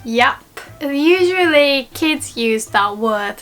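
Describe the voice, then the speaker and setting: A woman's voice: high-pitched, expressive, slow, fairly bright tone, faint music behind. A woman whose first language is Japanese gives a casual, playful video lesson with a chatty, giggly manner. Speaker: language teacher.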